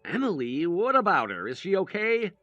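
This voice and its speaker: A man's voice: high-pitched, wildly swooping pitch, moderate pace, bright, forceful tone, dry recording, highs cut off, faint music behind, full character voice. A man voicing a defensive husband who denies an affair, in a text-message story read aloud, in a dry recording.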